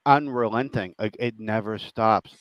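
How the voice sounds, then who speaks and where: A young adult man on a podcast, asking earnest questions in a halting, searching way, often restarting his sentences. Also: on the low side, clean tone, dry recording, rough recording. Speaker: podcast co-host. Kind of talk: casual chat.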